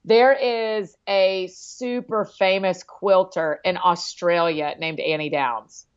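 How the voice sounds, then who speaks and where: A woman's voice: lowish voice, clean tone. Bubbly chatty woman, muffled audio. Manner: bubbly, chatty, quick laughs. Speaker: podcast guest, author. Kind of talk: casual interview chat.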